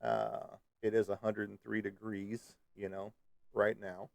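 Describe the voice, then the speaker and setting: Gravelly low-voiced man, rambling chat. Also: little pitch movement, a little slow, dry recording. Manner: rambling, joking, lots of fillers. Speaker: live stream host. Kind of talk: casual live chat with viewers. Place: Kansas City area.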